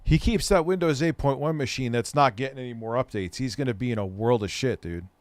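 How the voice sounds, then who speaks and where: Man, reaction commentary, swears a lot, mid-pitched, dry recording. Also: brisk, no room sound. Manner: crude, swearing rant with laughs. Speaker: commentary host reacting to clips.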